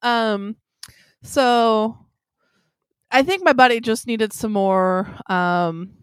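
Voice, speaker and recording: A woman's voice: on the high side, drawn-out words, smooth, no echo, studio quality. A young woman telling a story in casual chat, acting out the other people's lines as she goes. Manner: animated storyteller acting out quotes. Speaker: friend chatting.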